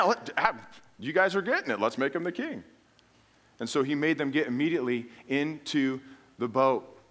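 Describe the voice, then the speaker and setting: A man's voice: mid-range voice, a bit bright. A man preaching a conversational sermon, telling stories in a folksy way with humorous asides. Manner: acts out quoted lines in retellings.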